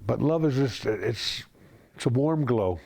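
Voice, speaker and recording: A man's voice: medium pitch, animated, unhurried, vocal fry, slight background noise. A man in a news feature interview, sincerely reading love notes he wrote for his wife. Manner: reads heartfelt love notes aloud, gentle and sincere. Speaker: interviewee, husband.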